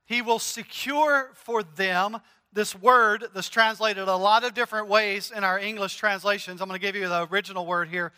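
A male pastor preaching a sermon in a conversational, animated way, mixing in jokes. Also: sits high, moderate pace, clear, resonant tone. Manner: conversational, animated, joking storyteller. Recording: long hall reverb.

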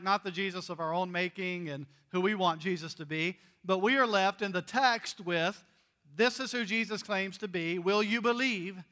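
Male pastor, chatty and joking sermon delivery with scripture reading; high, bright voice. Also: in a large hall. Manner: conversational, joking, animated Bible reading.

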